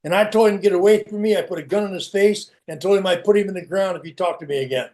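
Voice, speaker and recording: Over a video call, a middle-aged man gives a candid, plain-spoken personal share at a recovery meeting. His voice is high and a little mellow, and he talks fast.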